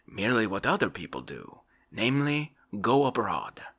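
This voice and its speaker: A brisk, bald little doctor hands down his verdict in a low, crisp voice in this whispered role-play, as a male reader voices him. He is matter-of-fact and decisive, with a dry, jesting edge. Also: very animated, fairly bright tone, full character voice.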